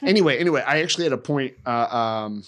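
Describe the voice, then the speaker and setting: A man in casual podcast chat, swearing heavily and ranting with animated energy. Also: medium pitch, fast. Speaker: podcast guest.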